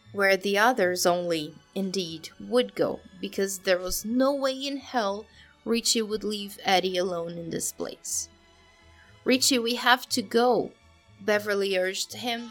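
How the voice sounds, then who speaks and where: A woman giving a dramatic reading of fan fiction, with measured, somber storytelling and emotional emphasis. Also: mid-range voice, fairly bright tone. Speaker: story reader.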